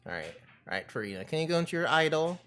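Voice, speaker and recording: A man's voice: a little high, big pitch swings, quick pace, fairly bright tone. A man casually chatting his way through a game, joking and rambling in playful asides. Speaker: gameplay streamer. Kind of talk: casual gameplay commentary.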